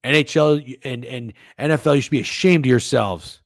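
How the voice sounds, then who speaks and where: A man hosting a sports betting stream, talking casually and swearing a lot, swinging between low mumbling and loud outbursts. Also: brisk, dry recording, clean studio sound. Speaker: sports betting podcast host. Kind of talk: casual livestream rant.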